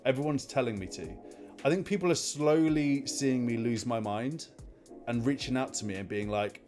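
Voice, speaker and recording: Chatty posh-accented English host. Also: male voice, medium pitch, moderate pace, darkish tone, faint music behind. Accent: posh southern English. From Scunthorpe, northern England. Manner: chatty, upbeat, mate-heavy banter. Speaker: host of a fantasy football livestream. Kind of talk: casual live-stream chat.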